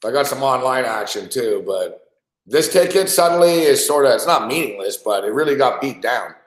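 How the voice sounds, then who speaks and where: A man's voice: mid-range voice, expressive, moderate pace, roomy sound. A man hosting a sports betting show, complaining with heavy swearing about his bets. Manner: profane, frustrated rant. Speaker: sports betting podcast host. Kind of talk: casual betting talk.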